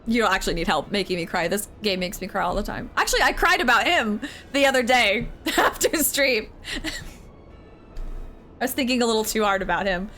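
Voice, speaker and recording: A young woman streaming a game, chatting casually, excitable, giggly and emotional. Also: medium pitch, a little fast, soft background music.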